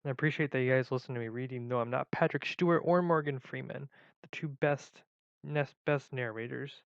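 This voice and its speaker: A man's voice: mid-range voice, a little fast, vocal fry, no echo, dull audio. A man in a casual vlog who rambles and jokes at his own expense. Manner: rambling, joking, self-mocking. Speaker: video creator.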